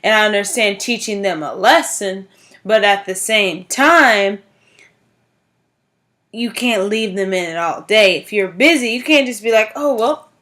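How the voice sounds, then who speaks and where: A woman's voice: medium pitch, unhurried, a bit bright. A woman teacher giving an informal informative speech, talking in a chatty way and repeating words for emphasis. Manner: frequent "like" and "um" fillers.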